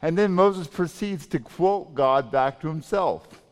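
A man preaching a sermon as pastor, emphatic and swinging between loud and soft delivery. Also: on the high side, unhurried. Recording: long reverb of a large hall.

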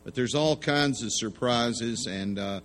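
A man's voice: mid-range voice, a little slow, fairly bright tone, a little hiss or hum. A man preaching a sermon in a folksy way, telling jokes and acting out the voices in his stories. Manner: folksy joke-telling, acts out voices in anecdotes. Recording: long hall reverb.

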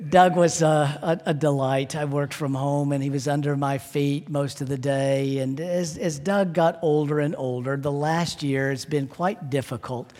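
A middle-aged man preaching a sermon as pastor, telling a personal story and closing in prayer, moving between lively and hushed delivery. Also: a little high. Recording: long hall reverb.

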